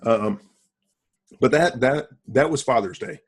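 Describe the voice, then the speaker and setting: Blunt, boastful man with a husky voice. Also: medium pitch, a little slow. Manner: blunt, boastful, rhetorical questions. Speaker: podcast host. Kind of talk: casual business podcast talk.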